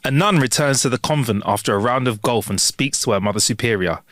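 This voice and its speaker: A man's voice: mid-range voice, fast, fairly bright tone, dry recording. A man co-hosting a podcast, trading jokey banter and reading listener jokes in a studio. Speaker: podcast co-host. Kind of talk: casual banter and joke reading.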